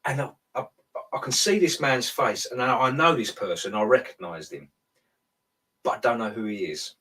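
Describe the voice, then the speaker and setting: A man's voice: mid-range voice, big pitch swings, normal speed, bright, forceful tone, distant mic, poor audio. Rambling man, off-mic. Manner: rambling storyteller, self-interrupting. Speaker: guest telling a dream. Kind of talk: casual chat.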